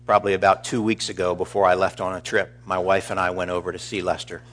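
Middle-aged male pastor, low voice, earnest eulogy delivery. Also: level tone, slight background noise. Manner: earnest, measured, warmly storytelling. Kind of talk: funeral eulogy.

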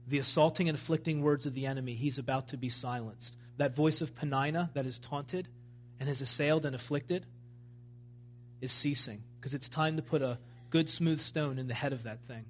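A man's voice: medium pitch, normal speed, a little hiss or hum. A man preaching a sermon at a church service, in a fervent, emphatic style that builds in intensity.

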